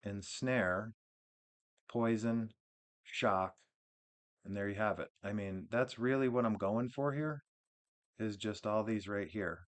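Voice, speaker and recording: A man on his own gaming channel casually walks through a game build, rambling in a relaxed way with lots of restarts and fillers. His voice is lowish and slow, with long pauses.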